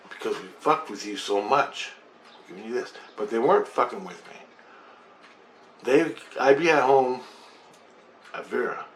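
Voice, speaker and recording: A middle-aged male vlogger with a low-leaning, fairly bright voice tells a long story about his own experience in a rambling, profane, intense way. The room is echoey, with faint background noise.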